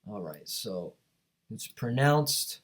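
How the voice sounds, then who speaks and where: A man's voice: lowish voice, big pitch swings, slow. A man teaching from scripture, reading verses aloud and then commenting on them emphatically while often checking in with his listeners. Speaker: Bible teacher.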